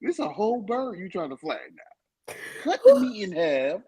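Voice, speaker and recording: A woman's voice: medium pitch, huge pitch swings, moderate pace, gravelly, dark tone, breathy edge, rough recording. Incredulous laughing woman co-host. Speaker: podcast co-host. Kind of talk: casual chat.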